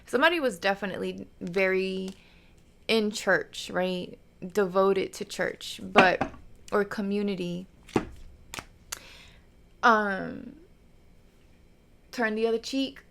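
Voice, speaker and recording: A woman's voice: mid-range voice, takes it slowly, gravelly, pauses often, noisy background. A woman giving a casual tarot reading to her viewers. She is chatty, laughs often, gets emotional and calls her viewers y'all. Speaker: tarot reader.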